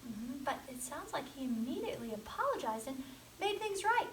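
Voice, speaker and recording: A woman school counselor gently coaxing a puppet to talk in a lesson for children, recorded from a distant mic in an echoey room. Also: high voice, very animated, a little fast, a little hiss or hum.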